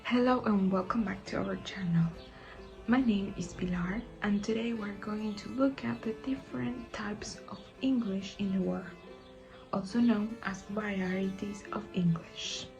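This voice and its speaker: Woman host, gravelly voice, clear music behind her. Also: medium pitch, fairly even intonation, a little slow, a little mellow, highs cut off. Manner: friendly welcoming delivery. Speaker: channel host. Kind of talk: video introduction.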